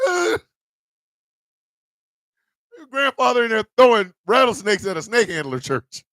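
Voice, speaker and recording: A man hosting a radio morning show, telling a profane comedic rant in a loud, animated way. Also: very high-pitched, moderate pace, no echo, clean studio sound. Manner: loud, animated, profane storytelling with mock voices.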